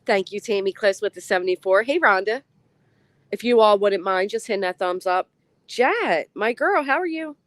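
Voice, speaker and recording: A woman hosts a relaxed livestream, rattling off viewer names and chatting casually with a laugh here and there. Her voice sits at an ordinary middle pitch. The sound is dry and close, with no room echo. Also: moderate pace. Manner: chatty, greets viewers by name, laughs often. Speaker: livestream host. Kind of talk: casual live-chat commentary.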